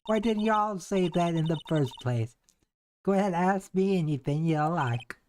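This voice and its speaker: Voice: medium pitch, animated, a little slow, darkish tone, a little hiss or hum, pitched above the performer's own voice, lightly acted. A streamer doing a brash drawling gal. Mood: friendly. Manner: drawling, boastful, chatty. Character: folksy, brash young Southern woman photographer. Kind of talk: reading game dialogue aloud.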